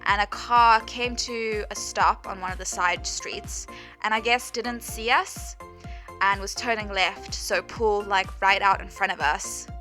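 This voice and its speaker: A young woman with a bright, clear voice, telling a personal story in a loose, chatty way. She fills her sentences with "like" and laughs easily as she goes. Soft music plays faintly underneath. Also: mid-range voice, steady tone, unhurried. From South Africa. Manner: chatty, lots of "like", laughs often while telling. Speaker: vlogger. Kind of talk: storytime voice-over. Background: faint background music.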